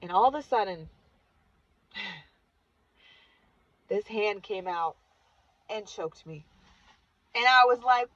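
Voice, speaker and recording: A woman recounts a personal experience in a loose, chatty monologue. She acts out the lines she quotes and drops to near whispers before jumping back loud. Her voice sits at a middle pitch, and the recording is a little dull and lo-fi. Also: slow, pauses often. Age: adult with children. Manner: animated, acts out quotes with big swings in loudness. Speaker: vlogger recounting a retreat. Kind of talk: casual storytelling monologue.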